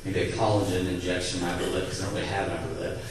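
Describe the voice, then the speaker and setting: A man in his late twenties doing a stand-up comedy set, animated and breaking into loud character bits. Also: low voice, very fast, noisy background. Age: 20s. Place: comedy club stage with live audience. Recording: echoey room from far off, audience.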